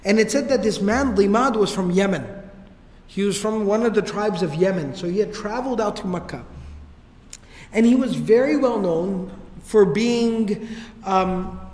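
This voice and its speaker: A man's voice: high-pitched, moderate pace, darkish tone. A man giving a casual, slangy religious history lecture, telling stories with jokes. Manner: casual, slangy, joking storyteller. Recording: echoey hall with long reverb.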